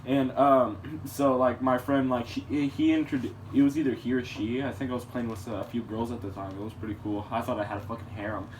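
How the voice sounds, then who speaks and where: A man's voice: medium pitch, fairly even intonation, fairly quick, few pauses. A man telling a casual story in a rambling, crude way, with many restarts. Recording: distant mic with clear background noise.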